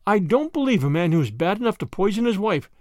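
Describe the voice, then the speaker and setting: A man's voice: sits high, sing-song, fast, no room sound, studio quality, pitched above the performer's own voice. A man voicing a fretful chatty grandmother. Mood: gossipy. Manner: fussy, breathless, easily flustered.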